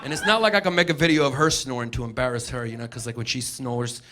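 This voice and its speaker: A middle-aged man from the United States doing a live stand-up set, ranting brashly and profanely with loud mocking impressions, on a comedy stage with a handheld mic. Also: mid-range voice, fairly even intonation, quick pace. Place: comedy stage before a laughing audience. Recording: noisy live club recording.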